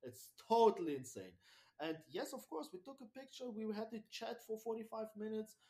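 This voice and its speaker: A man with a German accent, a podcast guest talking about his dog training, speaking in animated, halting non-native English with frequent restarts and swearing. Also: high voice. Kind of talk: casual interview chat.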